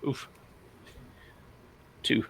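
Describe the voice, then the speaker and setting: A man's voice: extremely slow, low-quality recording. A man playing a tabletop game, talking in a casual, offhand way. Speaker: player.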